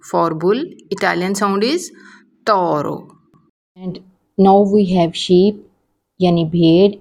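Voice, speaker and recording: Woman slowly drilling vocabulary. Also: on the low side. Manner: repeats each word slowly and carefully. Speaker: language teacher. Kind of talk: slow vocabulary lesson with repetition.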